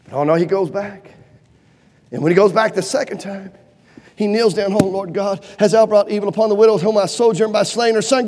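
A man preaching a sermon with fervent delivery, swinging from loud urgent pleading to low hushed lines. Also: fairly quick. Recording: long hall reverb.

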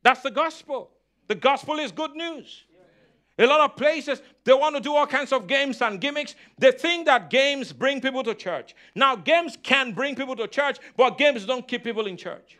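High, bright-voiced preacher man. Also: moderate pace. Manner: call-and-response preaching, repeats phrases. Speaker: pastor. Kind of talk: sermon.

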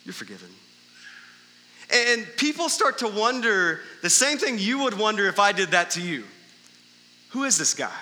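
Bright, high-voiced male pastor preaching. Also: big pitch swings, normal speed, long reverb tail. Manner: conversational, with frequent "right?" asides and rhetorical questions. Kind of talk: sermon. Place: church sanctuary during a service.

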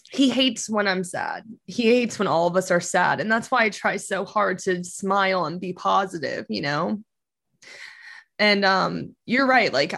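A woman's voice: medium pitch, vocal fry, a bit bright. A young adult woman speaking openly as an interview guest, casual and emotional, saying "like" and "you know" often. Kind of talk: candid interview conversation. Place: in Los Angeles.

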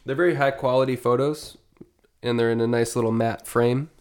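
A man co-hosting a casual podcast, sounding nasal from allergies, talking in a relaxed way with many fillers. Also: mid-range voice, fairly quick, clear, resonant tone. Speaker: podcast co-host. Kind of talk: casual chat.

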